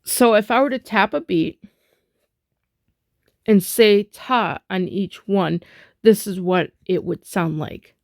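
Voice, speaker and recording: A woman's voice: medium pitch, takes it slowly, pauses often, no echo, studio quality. A woman teaching a music rhythm lesson in a chatty way, full of fillers, chanting rhythm syllables as she taps.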